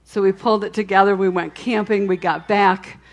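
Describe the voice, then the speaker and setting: A woman's voice: medium pitch, fairly even intonation, moderate pace. Woman preaching a candid personal testimony. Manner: candid storytelling with frequent restarts and asides. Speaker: speaker sharing a testimony. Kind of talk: conversational sermon testimony.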